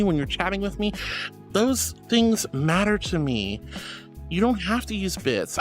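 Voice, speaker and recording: Woman vtuber chatting w her chat, bouncy swoopy voice, goofy and teasing, bit of music behind. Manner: playful, teasing, swoops into squeaky cutesy tones. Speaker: VTuber streamer. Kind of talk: casual live-stream chat.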